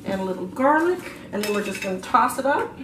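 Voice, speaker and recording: A woman's voice: mid-range voice, expressive, brisk. A chatty home cook, a woman, talks through a recipe step by step with plenty of ums. Her voice sits mid-range and comes from a camera across an echoey kitchen. Running water is heard behind her. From half Australian. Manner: chatty, explains as she cooks, many fillers. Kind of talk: casual cooking demonstration. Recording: echoey room, distant mic, kitchen noise.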